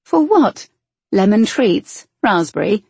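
A curious, spirited young lady from a storybook, voiced in a brighter, questioning lilt, as a woman narrator puts her on. The tone stays husky and mellow, recorded close and dry. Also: mid-range voice, very animated, takes it slowly, no room sound, pitched above the performer's own voice, full character voice.

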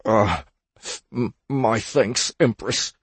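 Man doing a wounded male thief, deep voice, slow and lively in pitch, stammering, husky. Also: no room sound, full character voice. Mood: shaken. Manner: stammering, pleading. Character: injured, shivering male thief. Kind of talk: audiobook character voice.

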